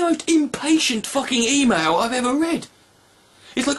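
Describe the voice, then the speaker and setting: A young man, a video blogger, delivering a sarcastic, profane rant with animated outbursts. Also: high voice, normal speed, breathy edge.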